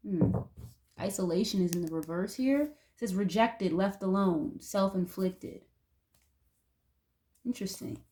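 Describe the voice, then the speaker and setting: A woman's voice: medium pitch, darkish tone. A woman reading tarot cards for her viewers in a loose, chatty way, leaning on "like" and swearing now and then. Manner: chatty and loose, heavy use of "like", occasional swearing. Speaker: tarot reader.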